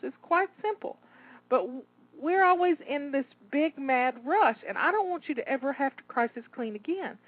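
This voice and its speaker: A woman's voice: sits high, no room sound. A woman coaching listeners through a timed kitchen cleanup, upbeat and encouraging, a little out of breath. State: slightly out of breath. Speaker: home organizing coach. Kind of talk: live cleaning pep talk. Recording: tinny phone-like audio.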